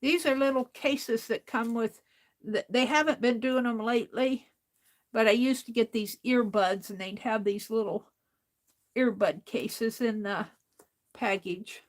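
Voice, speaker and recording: A woman's voice: a little high, a little slow. A woman hosting a crafting livestream, chatting casually, thinking aloud and talking to her viewers. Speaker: livestream host.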